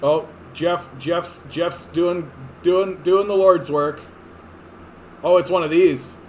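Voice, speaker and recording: A man's voice: on the high side, fairly even intonation, slow, darkish tone, a little hiss or hum. A man in his thirties from Canada, rambling through casual political commentary on clips, sarcastic and profane, full of fillers and restarts. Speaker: political streamer.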